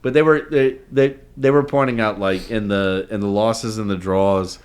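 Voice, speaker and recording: Low-voiced man rambling about sports. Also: normal speed. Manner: rambling, trails off and restarts often. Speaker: podcast co-host. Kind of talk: casual sports chat.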